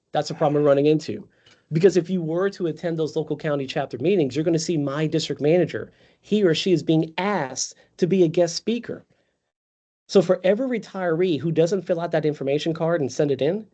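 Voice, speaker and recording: A man's voice: a little high, dark tone. A man leading a live virtual sales training, talking conversationally and calling on trainees by name. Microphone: video call. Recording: lo-fi video call audio.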